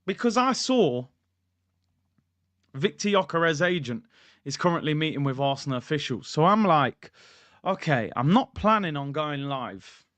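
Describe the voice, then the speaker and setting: Casting: high, animated male football streamer, dry close mic, ranting and excitable. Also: no room sound. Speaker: football YouTuber, stream host. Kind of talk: casual live-stream football commentary.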